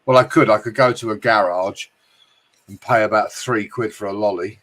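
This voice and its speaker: A man's voice: lowish voice, normal speed, fairly bright tone. A British man hosting a casual livestream, greeting chat viewers and joking with frequent swearing and laughter. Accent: British English. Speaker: livestream host reading chat.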